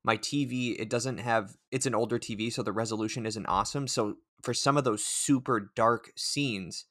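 A man co-hosting a casual chat about horror films, talking in a relaxed, conversational way. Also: medium pitch, normal speed, no echo, studio quality. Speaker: podcast co-host.

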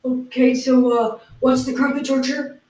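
A woman co-hosting an improvised comedy podcast, giving halting, matter-of-fact explanations. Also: high-pitched, flat delivery, a little mellow. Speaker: podcast co-host. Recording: roomy, distant mic.

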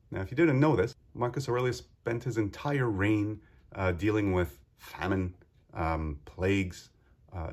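A man's voice: on the low side, slightly rough. A man hosting a solo podcast, talking earnestly and with feeling, full of rhetorical questions. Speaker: podcast host.

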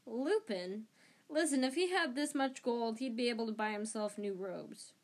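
A woman doing Harry, a low-key boy wizard. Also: moderate pace, darkish tone, natural voice. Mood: puzzled. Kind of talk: amateur audiobook reading.

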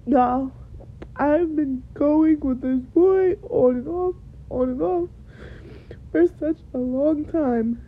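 Her voice high-pitched and taking it slowly, a young podcast host tells listeners her own story through tears, repeating herself for emphasis. The recording is dull and lo-fi.

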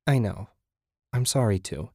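A man's voice: on the low side, animated, measured pace, creaky, warm tone, no echo, studio quality, full character voice. A man reading the part of a married woman in an audiobook, giving her a sarcastic, needling edge. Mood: gentle. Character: wry, teasing married woman.

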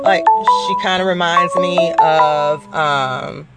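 A woman's voice: low-pitched, moderate pace, loud music behind the voice. A woman in her forties telling a personal story in a casual, profane, rambling way, full of fillers. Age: 40s.

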